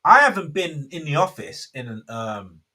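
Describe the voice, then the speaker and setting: A man's voice: a little high, sing-song, a little slow, pushed and bright. A man, hosting a casual faith talk and rambling with many self-interruptions. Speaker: host.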